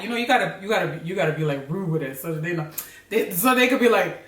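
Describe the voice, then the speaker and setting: A woman from Africa with an American accent, telling a story in a casual, slangy, animated way and laughing often. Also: on the low side, fast. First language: Criollo. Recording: roomy, mic at a distance.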